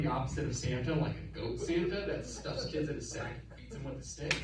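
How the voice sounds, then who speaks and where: A man performing a profane, animated stand-up set on a comedy club stage, telling stories with quick asides while the audience laughs. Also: sits high, a little hiss or hum. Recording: roomy club, distant mic, crowd laughter.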